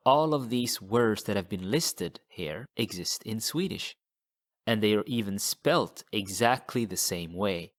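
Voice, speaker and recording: Male language teacher, lowish voice, very slow and patient, repeats words for learners. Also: fairly bright tone. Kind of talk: slow, deliberate language lesson.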